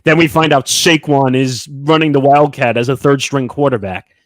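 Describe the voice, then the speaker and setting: A man hosting a sports podcast segment, briskly announcing games and point spreads and giving his own takes. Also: mid-range voice, fairly even intonation, a crowd in the background. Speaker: podcast host running the segment. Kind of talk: casual sports betting talk.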